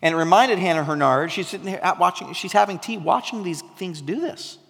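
A man preaching a sermon, telling a story with animation and sometimes dropping to a soft, intense tone. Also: high-pitched, brisk, vocal fry. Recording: long hall reverb.

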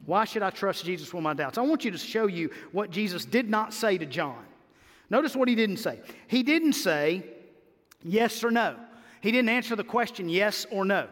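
A man with a high voice preaches a sermon, swinging between hushed reflection and emphatic peaks. His words ring out with a long hall reverb behind them. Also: lively intonation, normal speed. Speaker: pastor.

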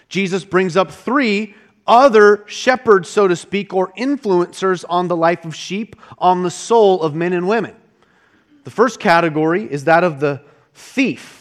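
Conversational male pastor preaching. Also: high-pitched. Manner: conversational preaching with repeated restarts. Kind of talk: sermon.

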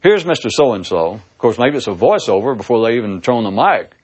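Theatrical, sarcastic man with a husky voice. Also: mid-range voice, animated, fast talker, darkish tone. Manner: sarcastic, theatrical, swooping emphasis. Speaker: speaker giving a monologue. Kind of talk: casual philosophical monologue.

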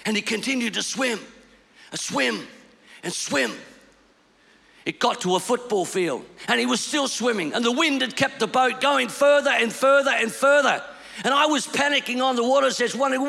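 A man preaches in a high, bright voice with a gravelly edge, telling his sermon with passion that drops to a hush and rises to a shout. His words ring out with a long reverb in a church hall. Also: moderate pace. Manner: impassioned, swinging from hushed to shouting. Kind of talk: storytelling sermon.

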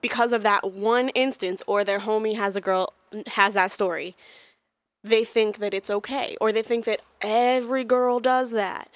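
A woman co-hosting a podcast, chiming in with quick, teasing remarks in casual chat. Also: medium pitch, fairly even intonation, no room sound. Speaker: podcast co-host.

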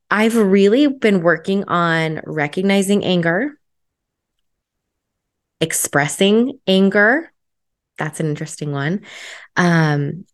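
A young adult woman hosting her solo podcast, chatty and upbeat, with lots of "like" fillers. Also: on the low side. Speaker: podcast host.

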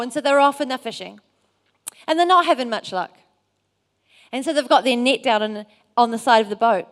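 A woman's voice: fairly high pitch, expressive, fairly quick, long pauses, a bit bright. A woman preaching a sermon, telling a Bible story earnestly. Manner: earnest, storytelling with acted quotes.

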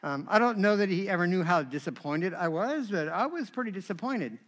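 A middle-aged man preaching a sermon as a pastor, telling stories in an animated way with touches of humor. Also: high-pitched, fairly quick.

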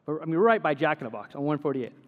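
A man's voice: fairly high pitch, expressive, rapid-fire, phone-quality sound. A middle-aged man preaching a sermon as pastor, telling stories with self-deprecating humor. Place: church sanctuary. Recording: long hall reverb.

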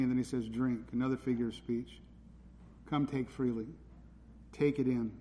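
A man's voice: medium pitch, fairly even intonation, fairly quick, warm tone. Urgent male preacher in a reverberant hall. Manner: urgent, pleading, emphatic. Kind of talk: sermon. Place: church hall. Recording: hall reverb with faint ambient noise.

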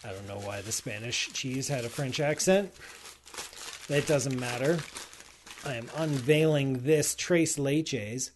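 A male livestream host chats casually, doing a sponsor read and tasting cheese, in a mid-range voice at a slow pace with a little hiss or hum. He's enthusiastic and rambling, constantly interrupting himself with "like" and restarts.

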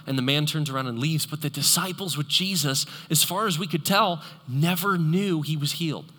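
A male pastor preaching a sermon in a church, animated and conversational, joking with the congregation. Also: fairly high pitch, normal speed, few pauses. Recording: long echoey hall reverb.

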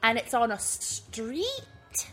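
A woman plays a lost, childlike girl in a tabletop game, rambling politely as she begs for help. The voice is high and bouncy, jumping all over the place. Soft music plays behind. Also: big pitch swings, takes it slowly, full character voice. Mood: chatty. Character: lost, childlike young girl, chatty and eager to please.

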